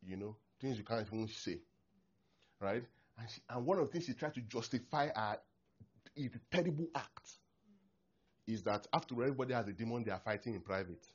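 A husky-voiced pastor in full sermon mode, his pitch leaping and dropping all over as he acts out people's prayers. The recording sounds dull and lo-fi. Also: a little fast, pauses often. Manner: animated, acts out prayers, laughs often.

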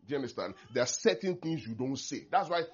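Animated husky pastor preaching. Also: male voice, medium pitch, quick pace. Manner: animated, acts out prayers, laughs often. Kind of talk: sermon. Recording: dull lo-fi recording.

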